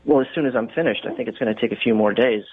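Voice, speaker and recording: A man's voice: medium pitch, rapid-fire, slightly rough. A man taking a surprise call from a radio show, hesitant and puzzled at first. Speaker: caller on the phone. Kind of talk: phone conversation. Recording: tinny phone line.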